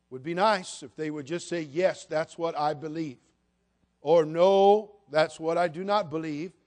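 Folksy older male pastor, higher voice. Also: darkish tone. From United States. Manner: folksy, humorous storytelling with acted quotes. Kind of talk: sermon with storytelling.

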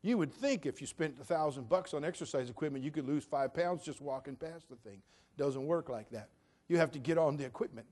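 Emphatic preaching man, higher-voiced. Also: fairly quick. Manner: conversational preaching, humorous asides, swings from quiet to emphatic. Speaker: pastor. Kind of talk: sermon.

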